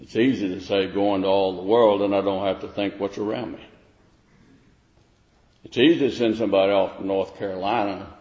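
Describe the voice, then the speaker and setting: A man's voice: on the low side, fairly even intonation, brisk, long pauses, a little mellow. Man preaching in an echoey hall. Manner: rising to emphatic questions, with restarts. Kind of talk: sermon. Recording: echoey hall, dull lo-fi sound.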